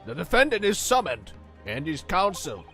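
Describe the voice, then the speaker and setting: A man voicing a stern court bailiff, brisk and loud, while reading a game aloud. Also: high voice, huge pitch swings, faint music behind, voice pushed up, exaggerated voice. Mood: urgent.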